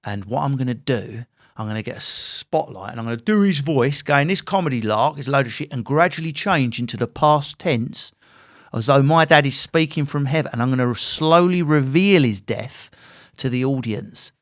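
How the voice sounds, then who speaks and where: Animated sweary English man telling stories. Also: mid-range voice, moderate pace. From England. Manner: animated, sweary anecdotal storyteller. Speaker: comedian guest. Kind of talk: podcast interview storytelling.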